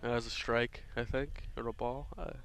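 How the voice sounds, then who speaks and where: A man's voice: medium pitch, level tone, normal speed, a bit bright. A man doing casual, rambling play-by-play for a local baseball game, drifting into offhand jokey asides.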